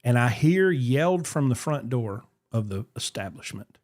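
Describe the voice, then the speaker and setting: A man's voice: mid-range voice, moderate pace, few pauses. A man, hosting a podcast and telling a story in casual chat, acting out the voices he quotes. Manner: animated, acts out quoted voices. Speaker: podcast host.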